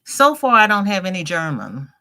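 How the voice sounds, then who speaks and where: A woman's voice: on the low side, wildly swooping pitch, moderate pace, sharp tone. A middle-aged woman hosting a crochet livestream, chatting casually, reading viewers' comments aloud and greeting them by name with laughter.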